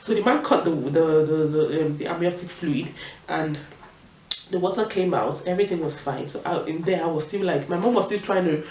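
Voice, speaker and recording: A young Nigerian woman telling a personal story in a vlog, in an animated and emphatic way. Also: deep voice, normal speed. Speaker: vlogger. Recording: roomy echo, distant mic, faint room noise.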